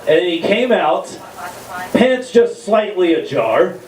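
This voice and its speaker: High-voiced comic in an echoey room. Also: male voice, big pitch swings, slow pace, darkish tone, recorded from a distance. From Texas. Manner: crude, rambling, self-mocking. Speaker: stand-up comedian. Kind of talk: stand-up set. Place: comedy venue, live room. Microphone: stage mic.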